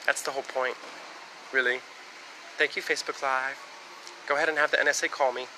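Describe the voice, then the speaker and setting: A man's voice: medium pitch, fairly even intonation, fairly quick, noisy background. A man from the United States talking on a live stream in a rambling, casual monologue that jumps between topics and swears freely.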